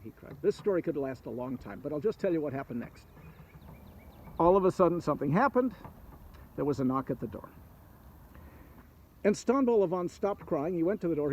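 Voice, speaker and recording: A male storyteller tells a folktale aloud with a high, very lively voice that swoops through each phrase. He speaks intimately to his listeners and drops playful asides along the way. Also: dull audio, slight background noise. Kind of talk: oral folktale telling.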